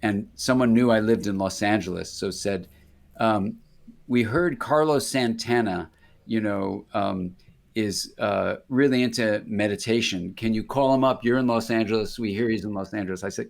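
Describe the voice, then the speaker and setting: This older psychiatrist from the United States has a fairly low voice with vocal fry and talks at normal speed. As an interview guest he shares rambling, conversational stories, interrupting himself often and acting out characters.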